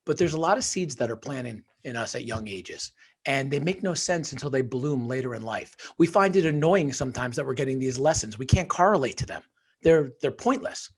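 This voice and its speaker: A middle-aged man from northern New Jersey, a guest telling his life story in an animated, emphatic motivational way. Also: mid-range voice, fairly quick, husky. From northern New Jersey, USA. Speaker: podcast guest, author and financial wholesaler. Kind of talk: casual storytelling interview.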